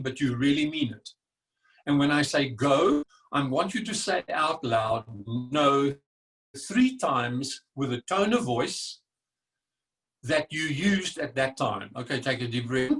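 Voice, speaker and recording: Older man giving an emphatic stress talk. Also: on the high side. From South Africa. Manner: emphatic, animated, acts out the brain's voice. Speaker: speaker. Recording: distant from the mic.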